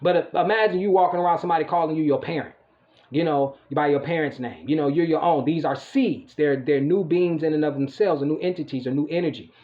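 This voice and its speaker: A man with a fairly high voice hosts his own channel, ranting fast and emphatically in a casual monologue to camera. He curses often and fills pauses with "you know," and the recording sounds muffled.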